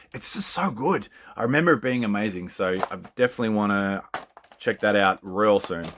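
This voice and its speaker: A man's voice: lowish voice, a bit bright. A man chatting casually and with enthusiasm, often laughing and swearing freely. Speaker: collector. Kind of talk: casual chat.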